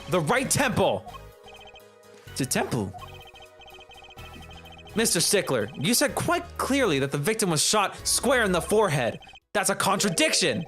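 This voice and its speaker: Fan-dub casting: a man voicing an eager young lawyer, loud and earnest, lively pitch. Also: exaggerated voice. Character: earnest, flustered young male defense lawyer.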